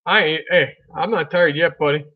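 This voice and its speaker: Chatty high-voiced man streaming live. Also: moderate pace, phone-quality sound. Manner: chatty, folksy, greets chat by name. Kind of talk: casual live stream chat with viewers.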